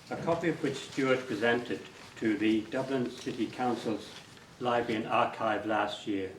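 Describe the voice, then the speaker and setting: A man, a council chairman, giving a formal speech of thanks at a podium, halting with slips and restarts. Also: mid-range voice. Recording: echoey room, distant mic, audible noise.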